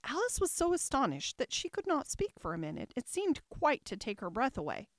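Expressive woman reading a storybook. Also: high-pitched, a little fast, no echo, clean studio sound. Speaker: audiobook narrator. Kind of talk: storybook narration.

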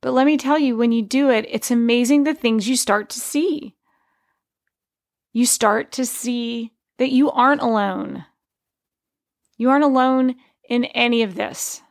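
A woman in her forties shares a personal faith testimony in an earnest, conversational way, circling back and restarting her thoughts. Her voice sits a little high with a gravelly, fried edge. The recording is dry and close. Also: a little slow, dry recording. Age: 40s.

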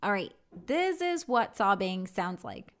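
A woman giving a casual English vocabulary lesson, chatty and candid, often pausing with "um". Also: mid-range voice, a bit bright. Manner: chatty, candid, with frequent ums. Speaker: English teacher.

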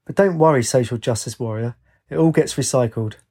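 A man's voice: medium pitch, a little fast, dark tone, husky. A man voicing a jokey bakery counter man who teases his customers in blunt banter. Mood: mocking.

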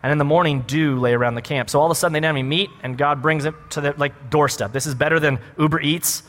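A man preaching a sermon as a pastor, animated and full of rhetorical questions. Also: fairly high pitch, quick pace, long reverb tail.

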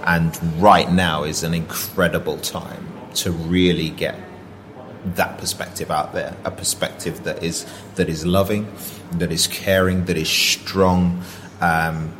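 Brief: deep-voiced male actor guest, reflective and sincere. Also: level tone, measured pace, fairly bright tone. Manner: earnest, reflective, with many restarts and fillers. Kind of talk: casual interview storytelling.

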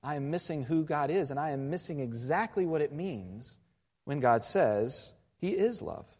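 A man's voice: fairly high pitch, lively intonation, normal speed, a little mellow, slightly rough, long reverb tail. A man preaching a sermon as a pastor, talking in a conversational way and often checking in with the congregation. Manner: conversational, with frequent tag questions.

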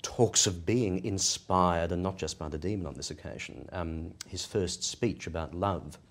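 A man explaining ideas in a measured academic discussion, posing rhetorical questions as he goes. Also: deep voice, fairly bright tone. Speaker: podcast discussant.

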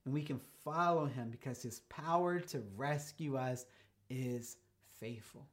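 Casual man preaching a sermon. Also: mid-range voice. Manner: casual storytelling preacher, speeds up and slows down for emphasis. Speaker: pastor.

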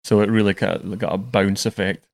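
A man's voice: lowish voice, fairly even intonation, normal speed, creaky, a little mellow. A man hosting a podcast, telling stories in a chatty way and often stumbling over his words. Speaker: podcast host. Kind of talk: casual chat.

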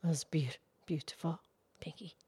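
A woman co-hosting a podcast in casual chat, speaking slowly and in a measured way. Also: deep voice, fairly even intonation, dark tone, slightly rough, no room sound, clean studio sound. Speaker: podcast co-host.

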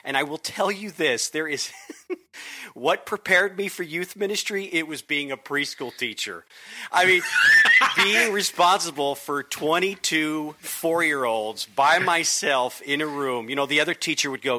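Youth pastor, forties, bright animated storyteller guest. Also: male voice, fairly high pitch, normal speed. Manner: animated storyteller, acts out voices. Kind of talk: casual podcast conversation.

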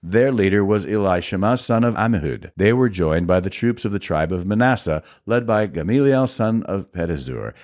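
A man reading scripture aloud in a measured, expressive delivery. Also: deep voice. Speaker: Bible reader.

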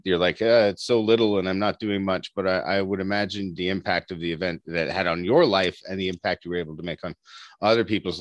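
A man's voice: low voice, fairly bright tone, dry recording. A man from Canada hosting a podcast over a remote call, chatting casually, restarting sentences and laughing often. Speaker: podcast host.

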